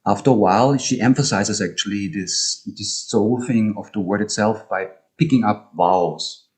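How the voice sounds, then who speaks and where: A man's voice: on the low side, normal speed. A man giving an online academic talk on music and poetry, speaking hesitantly with many ums and restarts over a video call.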